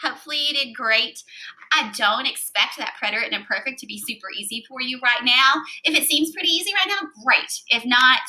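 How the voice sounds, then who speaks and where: A woman with a bright, sharp, somewhat high voice teaches a recorded Spanish lesson. She explains patiently, asks the class questions, and spells out words letter by letter. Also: fairly quick, low-quality recording.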